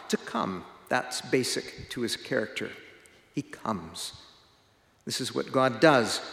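A man preaching a sermon with a measured, emphatic delivery and pauses for effect. His voice sits at a middle pitch. It rings through an echoey hall with a long reverb tail. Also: creaky, fairly bright tone.

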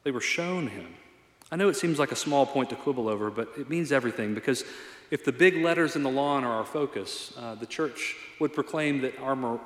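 Man, pastor, conversational sermon, earnest, self-deprecating, mid-pitched voice, roomy church echo. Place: church sanctuary. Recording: echoey hall reverb.

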